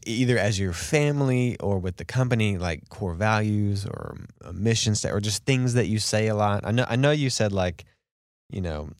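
A man's voice: on the low side, moderate pace, no room sound, clean studio sound. A man hosting a podcast, asking casual questions full of "like" and restarts. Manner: casual, filler-heavy, lively questioning. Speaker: podcast host. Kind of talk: conversational interview.

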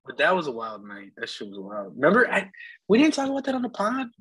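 Husky-voiced man teasing his friends. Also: fairly high pitch, wildly swooping pitch, fairly bright tone, no echo, low-quality recording. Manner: teasing, asks quick questions, swears. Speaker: podcast host. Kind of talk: casual chat.

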